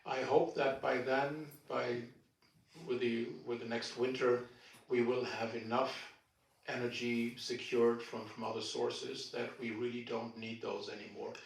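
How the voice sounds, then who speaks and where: A man's voice: mid-range voice, level tone, unhurried, creaky. An older man talks through audience questions, starting over and doubling words as he thinks. He sounds set back from the microphone. The room adds a strong echo. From Germany. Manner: conversational, many restarts and repeated words. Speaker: retired ambassador, guest speaker. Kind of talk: Q&A answers at a public talk. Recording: echoey room from far off.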